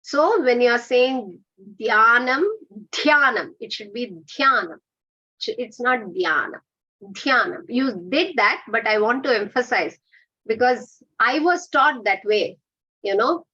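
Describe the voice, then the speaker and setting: Bright-voiced woman teaching Sanskrit. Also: a little high, animated, husky, lo-fi sound. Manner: patient, corrective, repeats words slowly for drilling. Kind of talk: online pronunciation class.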